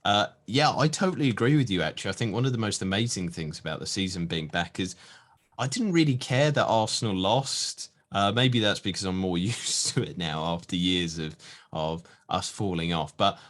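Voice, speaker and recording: A man's voice: low-pitched, expressive, normal speed, fairly bright tone. A man co-hosting a football podcast in an upbeat, casual chat, laughing easily. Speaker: podcast co-host.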